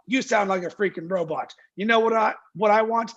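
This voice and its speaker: In lo-fi video-call audio, a marketing agency founder talks fairly quickly with few pauses in a high voice. He's an energetic, emphatic interview guest, peppering his talk with rhetorical questions and impressions of clients.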